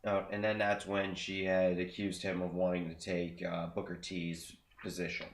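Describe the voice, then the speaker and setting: Low-voiced man recapping in an echoey room. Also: monotone, creaky. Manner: filler-heavy, halting recaps. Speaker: podcast co-host. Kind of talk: casual chat recapping wrestling.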